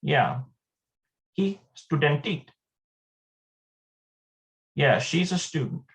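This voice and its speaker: A Hebrew teacher giving a live online lesson, thinking aloud, hesitant and repeating words slowly. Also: mid-range voice, lively intonation.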